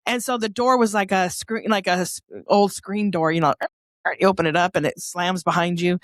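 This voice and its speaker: A woman's voice: medium pitch, normal speed, no room sound. Middle-aged woman from norcal, chatty storyteller, does all the voices in her tale, dry close sound. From Northern California. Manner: lively, chatty storyteller who acts out dialogue. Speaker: podcast guest. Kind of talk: personal storytelling.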